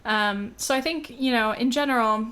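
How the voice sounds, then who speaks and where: A young woman from America talks on her own podcast in a relaxed, candid way. Her voice sits a little higher than most women's, and her talk is full of fillers and the occasional swear word. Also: normal speed, clear, resonant tone. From United States. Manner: chatty and candid, with frequent fillers and casual swearing. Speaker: podcast host. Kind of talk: casual solo podcast chat.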